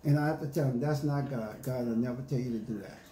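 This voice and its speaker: A man's voice: mid-range voice, fast, warm tone, slight background noise. A man preaching a sermon, reading scripture aloud and retelling it in emphatic street slang, with listeners answering him. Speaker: pastor. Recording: echoey room with faint ambience.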